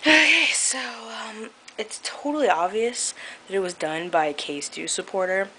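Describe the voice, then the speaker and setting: A woman's voice: medium pitch, animated, measured pace, fairly bright tone, a little hiss or hum, low-quality recording. A young woman vlogging into a webcam, talking casually and sarcastically, with lots of fillers and laughs. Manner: chatty, filler-heavy, laughs often, sarcastic. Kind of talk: casual vlog rant.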